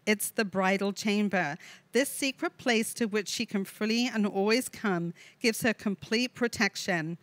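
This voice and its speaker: Woman leading a women's Bible study, earnest, reads verses with warm asides, dry close mic. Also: medium pitch, no echo. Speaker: women's ministry leader. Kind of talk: devotional Bible teaching to women. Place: online video session with a co-host.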